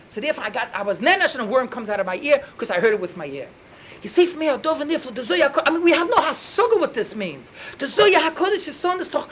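Fast, high-voiced man teaching Talmud. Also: a little hiss or hum, low-quality recording. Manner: animated, rapid storytelling peppered with Yiddish and Hebrew terms. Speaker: Torah teacher. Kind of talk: Talmud lesson storytelling.

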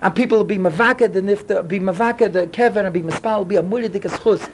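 A man rushes through a Torah talk at a very fast clip. He preaches with fervor and stresses his points, swinging between loud and hushed. Faint noise sits under his voice. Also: sits high. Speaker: yeshiva speaker.

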